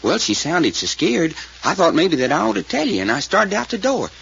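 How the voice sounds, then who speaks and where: A jittery country fellow retelling what he saw, his slightly high voice rising and falling a lot. He stumbles and rambles, and the old radio recording sounds dull with a faint hiss. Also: very animated, creaky, fairly bright tone, exaggerated voice. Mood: telling. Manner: rambling, rustic grammar, halting. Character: folksy rural man, nervous eyewitness. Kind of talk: 1940s radio acting.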